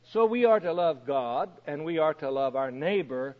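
A male pastor preaching a sermon, slow and deliberate, asking rhetorical questions of his congregation. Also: on the high side, animated, long reverb tail, phone-quality sound.

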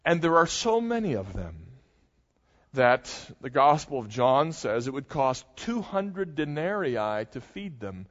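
A man's voice: medium pitch, very animated, unhurried, a bit bright. A man preaching an expository sermon, conversational and explanatory, with dry asides. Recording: dull sound with long hall reverb.

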